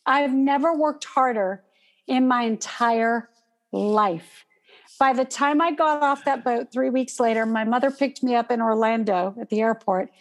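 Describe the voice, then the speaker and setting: High-voiced woman telling a lively story. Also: unhurried. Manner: animated, acts out gasps and panicked breathing. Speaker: guest telling a personal story. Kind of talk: casual storytelling.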